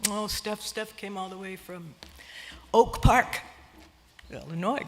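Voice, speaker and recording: In a church sanctuary with long hall reverb, an older woman with a mid-range voice speaks slowly, giving an emotional eulogy for her sibling, tearful yet laughing through her feelings.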